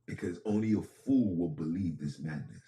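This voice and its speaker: A podcast host delivers an impassioned monologue in casual street phrasing, repeating lines for emphasis. His voice is deep and dark, at a moderate pace.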